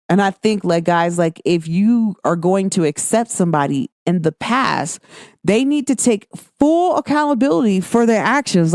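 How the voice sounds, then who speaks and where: Animated woman podcaster, dry close sound. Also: lowish voice, no echo. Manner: animated, expressive, acts out quoted lines. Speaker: podcast host. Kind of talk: casual chat.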